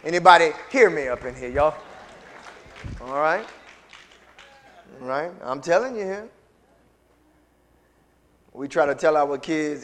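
High-voiced preacher in a reverberant hall. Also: male voice, unhurried, long pauses. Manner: call-and-response preaching, building from soft to loud. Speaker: pastor. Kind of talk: sermon. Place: large church sanctuary with reverb.

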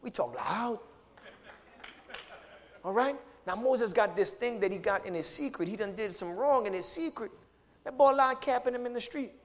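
High-voiced pastor preaching in reverb. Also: male voice, lively intonation, moderate pace, pauses often, slight background noise. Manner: call-and-response preaching, swings from loud to hushed. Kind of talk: sermon. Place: church sanctuary. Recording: long church reverb.

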